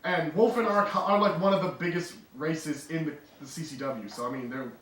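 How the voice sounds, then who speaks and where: A man's voice: fairly high pitch, a bit bright. A man narrating a tabletop game as game master, rambling and laughing as he goes. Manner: rambling, laughing, voices townsfolk in quick asides. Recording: echoey room, far from the mic, faint noise.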